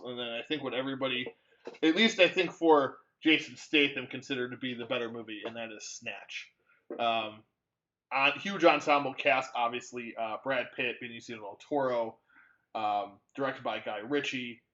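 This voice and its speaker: A man's voice: medium pitch, moderate pace, sharp tone, dull audio. A man co-hosting a movie podcast, chatting casually with a rambling delivery full of fillers and restarts. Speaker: podcast co-host. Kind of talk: casual movie-review chat.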